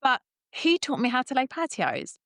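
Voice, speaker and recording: A woman in her thirties, a roofer and business owner, chatting as a guest in a podcast interview and telling lively stories with frequent laughs. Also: high voice, normal speed, no echo, studio quality. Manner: lively storyteller, laughs often. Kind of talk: casual interview chat. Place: podcast recording.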